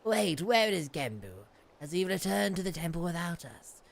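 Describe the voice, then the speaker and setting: A woman voicing an aging male samurai, reading his lines in a grave, measured way. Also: fairly low pitch, big pitch swings, vocal fry, voice pushed down, full character voice. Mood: solemn.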